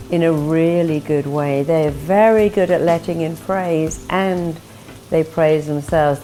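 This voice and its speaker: Brief: woman, self-help speaker, mellow tone, low-ish voice, slips into quick quoted inner voices. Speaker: therapist giving self-help advice. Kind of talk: motivational talk.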